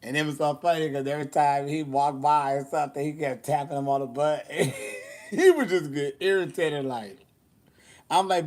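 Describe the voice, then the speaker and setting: A man with a slightly high voice, hosting a loose, chatty show. He tells bawdy stories with sass and theatrical asides, laughing often as he goes. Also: normal speed, darkish tone. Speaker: host. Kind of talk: casual storytelling chat.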